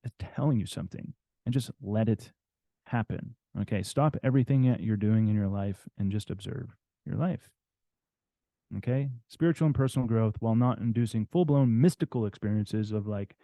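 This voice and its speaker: A man presents to a live audience in a warm, relaxed tone. He repeats his key phrases and keeps checking in with "okay?" and "right?". The recording is dry and close. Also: medium pitch, no echo. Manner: repetitive, coaxing, tag questions like "okay?".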